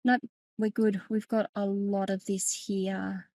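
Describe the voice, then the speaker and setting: This middle-aged woman speaks slowly in a mellow, medium-pitched voice with little pitch movement and no echo. A tech educator and podcast host, she walks viewers through settings in a chatty screen-share tutorial, laughing often and correcting herself.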